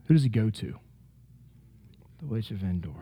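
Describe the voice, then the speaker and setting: Emphatic, mellow-voiced Bible teacher man. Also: fairly low pitch, big pitch swings, moderate pace, breathy edge. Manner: emphatic, conversational, frequent rhetorical "right?". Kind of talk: Bible study lesson with slides.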